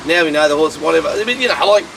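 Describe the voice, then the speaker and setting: Picked up from a distance by the mic, a man holds forth on horse racing with plenty of swearing and animated storytelling. Traffic rumbles loudly behind him outdoors. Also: very fast, creaky. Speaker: racing show host. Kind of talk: casual chat.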